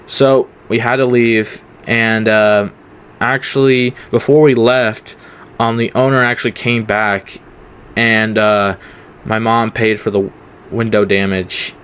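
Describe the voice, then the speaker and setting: A man's voice: fairly low pitch, flat delivery, slow, fairly bright tone, clean tone. A young man telling a casual storytime, rambling with many fillers. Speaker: vlogger.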